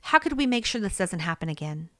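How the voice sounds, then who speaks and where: Woman talking through tips like a coach, relaxed and chatty, laughs here and there, dry sound. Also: lowish voice, fast, no echo. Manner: conversational, checks in with "okay?" and "right?", laughs easily. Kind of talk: spoken advice lesson.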